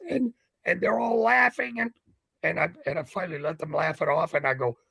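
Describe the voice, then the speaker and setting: An older man with a gravelly, husky voice, a ring announcer telling stories as an interview guest and acting out the scenes. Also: fairly high pitch, brisk, no room sound, rough recording. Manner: lively storyteller who acts out scenes. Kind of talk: animated anecdote telling.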